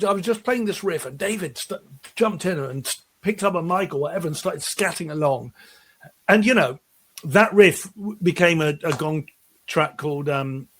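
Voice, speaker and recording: A middle-aged musician telling animated, rambling anecdotes in a casual interview, restarting his sentences often. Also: on the high side, a little hiss or hum. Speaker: musician guest.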